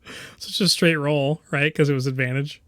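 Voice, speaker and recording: A man's voice: on the high side, steady tone, fairly bright tone, slight background noise. A man narrating as game master, describing scenes with many fillers and restarts. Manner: halting, filler-heavy description.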